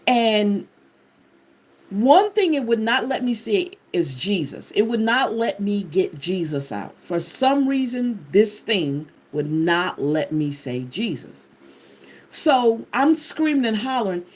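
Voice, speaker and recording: Lively, husky-voiced woman telling her story. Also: mid-range voice, slow. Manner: animated, expressive storyteller addressing viewers directly. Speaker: channel host sharing a personal story. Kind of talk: personal testimony storytelling.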